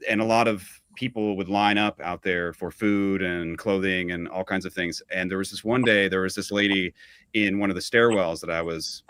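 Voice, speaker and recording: A man from Austin, Texas, a musician guest on a podcast, speaking in a halting way and often repeating words as he thinks. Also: deep voice, fairly even intonation, fairly bright tone, smooth, no echo. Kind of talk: casual chat.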